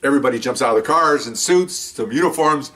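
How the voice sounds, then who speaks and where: An older man, a retired police officer, telling a story casually and jumping up in pitch as he acts out the dialogue. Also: quick pace. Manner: animated, jumps up in pitch when acting out dialogue. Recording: voice picked up from a distance.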